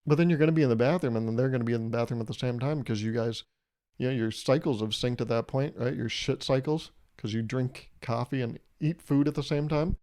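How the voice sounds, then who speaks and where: A man's voice: medium pitch, brisk, warm tone. A young man hosting his own podcast, riffing through a crude, rambling comedic monologue with a self-amused edge. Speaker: podcast host.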